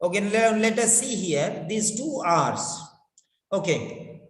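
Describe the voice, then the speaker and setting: A man teaches pronunciation at an unhurried pace. He repeats key words again and again to drill them. The sound is roomy, with a long echo trailing each phrase. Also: high voice, lively intonation, fairly bright tone. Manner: repetitive, drills words over and over. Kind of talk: slow instructional lesson. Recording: echoey room with long reverb.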